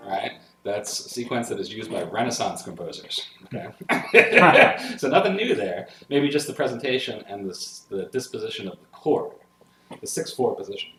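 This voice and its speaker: Giving a classroom lecture on music theory, a man with a lowish voice speaks fairly quickly, working through passages step by step using solfege syllables. He is energetic and enthusiastic about the music, eagerly checking in with his listeners. The recording has a roomy echo, with a piano playing clearly in the background.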